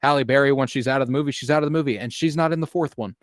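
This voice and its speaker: A man's voice: mid-range voice, racing, no echo, clean studio sound. A man co-hosting a podcast, chatting casually and opinionatedly about a movie, swearing now and then with plenty of ums. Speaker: podcast co-host. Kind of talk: casual movie review chat.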